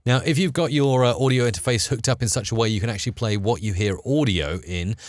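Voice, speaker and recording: A man's voice: medium pitch, fast, no echo, clean studio sound. Chatty British man hosting a live tutorial. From United Kingdom. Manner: chatty, upbeat, filler-heavy. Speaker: host. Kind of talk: live screen-share tutorial.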